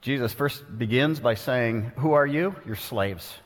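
A man's voice: a little slow, faint music behind. A man preaching a sermon with earnest, pointed delivery, reading scripture and explaining it verse by verse. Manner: earnest, pointed, dramatic shifts in pitch for quoted voices. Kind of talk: expository sermon. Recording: long reverb of a large hall.

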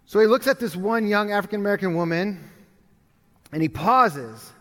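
A male pastor preaching a sermon, telling a story with animated swings from urgent loud appeals to hushed, quiet moments. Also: high-pitched, normal speed, long reverb tail. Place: church sanctuary.

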